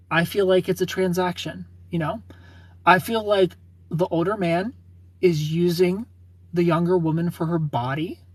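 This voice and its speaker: Husky, chatty streamer in their thirties. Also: mid-range voice, no room sound. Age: 30s. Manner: chatty, opinionated, laughs often. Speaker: livestreamer answering chat. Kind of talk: casual livestream chat.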